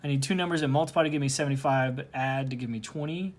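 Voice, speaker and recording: At home, a male math teacher records a relaxed calculus lesson, narrating each step aloud as he works through the problem. His voice sits at an ordinary middle pitch, and his casual, conversational delivery is racing.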